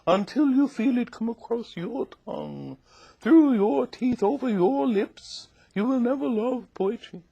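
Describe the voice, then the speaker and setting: A woman's voice: animated, measured pace, vocal fry, mellow, slightly rough, lo-fi sound, heavily acted. An older woman putting on a plummy, gracious old Southern lady. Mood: gracious, coaxing. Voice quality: rich, plummy, high and sing-song.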